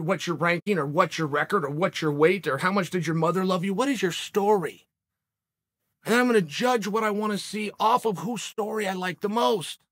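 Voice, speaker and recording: A man talks in a casual monologue as a sports podcast host. His voice sits high and rings bright and tense. He hammers his points home in short, rhetorical, emphatic lines. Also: slightly rough. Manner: emphatic, punchy rhetorical delivery.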